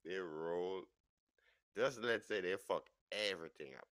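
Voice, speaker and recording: Brief: low-voiced New York host, bright tone, dry close sound, animated storyteller. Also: male voice, a little slow, dry recording. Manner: laughs through the story, voice jumps high for quoted people. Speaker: podcast host.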